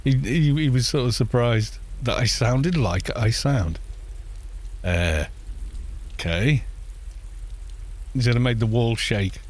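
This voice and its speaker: Man, game streamer, quiet gentle voice, rambling casual chat, mid-range pitch. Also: slow pace, long pauses. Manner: rambling, with frequent restarts and soft laughs. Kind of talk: casual live-stream chat while gaming.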